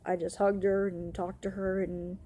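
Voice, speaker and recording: Young woman, upset vlog ranter, husky and mellow, rapid swearing run-ons. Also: medium pitch, little pitch movement. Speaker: vlogger. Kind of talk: ranting storytime vlog.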